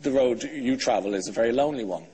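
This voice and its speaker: A man's voice: medium pitch, fast talker, mellow, rough recording. A man in his thirties with an Irish accent, hosting a TV talk show and firing probing follow-up questions at his guest. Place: TV studio.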